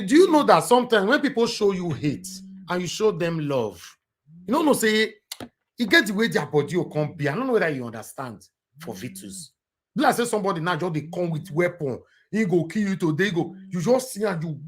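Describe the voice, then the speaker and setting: Impassioned Nigerian man hosting a livestream. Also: on the high side. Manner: impassioned, mixes Pidgin English, pleading. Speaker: livestream political show host. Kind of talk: casual livestream talk with callers.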